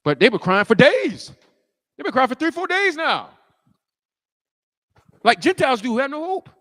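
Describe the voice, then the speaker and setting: High, bright-voiced preaching man. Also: normal speed, big-room sound. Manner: animated storytelling, acting out the scene, rising to shouts. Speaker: pastor. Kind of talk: sermon.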